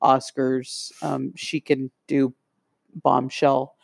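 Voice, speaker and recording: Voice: medium pitch, flat delivery, drawn-out words, vocal fry, dry recording, studio quality. A podcast co-host chatting casually, who hesitates and searches for words. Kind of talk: casual chat.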